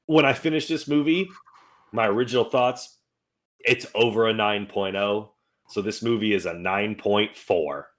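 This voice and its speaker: A man's voice: fairly low pitch, moderate pace, fairly bright tone. A man co-hosting a movie podcast, chatting casually in a blunt, enthusiastic way. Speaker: podcast co-host. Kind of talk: casual chat.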